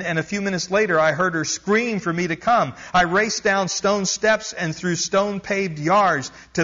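A man's voice: a little high, fairly bright tone, dull audio. Male preacher reading a story aloud. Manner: reads aloud with rising intensity, stops to explain asides. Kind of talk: sermon reading a missionary book aloud.

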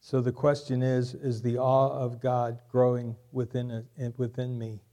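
A male pastor delivers a sermon in a voice of ordinary pitch for a man. He works through rhetorical questions and often says a key line twice. His preaching moves at a measured pace. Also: level tone, dark tone. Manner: repeats key lines, asks rhetorical questions.

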